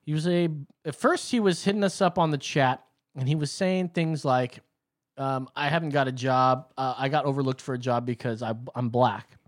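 A man's voice: mid-range voice, normal speed. A man hosting a call-in show, chatting casually in a rambling, profane way and laughing often.

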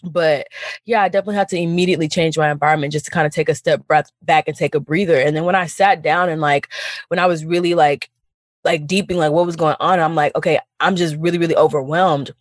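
Fast-talking woman, candid and animated. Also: low voice, dry recording, studio quality. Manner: candid, animated storytelling with slang. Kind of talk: casual chat.

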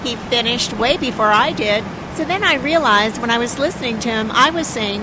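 A woman, a flight attendant, telling a work anecdote in a lively, casual way. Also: a little high, normal speed, few pauses, background noise.

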